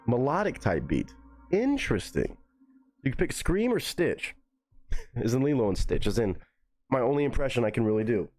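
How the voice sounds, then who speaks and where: A man's voice: medium pitch, wildly swooping pitch, moderate pace, long pauses, darkish tone, faint music behind. A young man chatting casually on a live stream, loose and profane, musing aloud as he goes.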